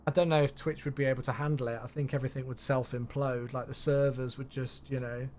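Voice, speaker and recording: A man's voice: medium pitch, flat delivery, fast talker, few pauses, darkish tone, slight background noise. A man streaming a flight sim, chatting casually with viewers and tired from the day. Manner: chatty, reads chat aloud, thanks subscribers. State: tired, yawning. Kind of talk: casual live-stream chat.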